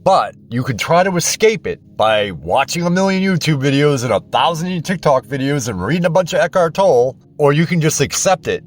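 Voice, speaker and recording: A man's voice: mid-range voice, sing-song, fairly quick, faint music behind. A man hosting his own channel, delivering an impassioned, blunt spiritual monologue straight to his viewers. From United States. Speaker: channel host.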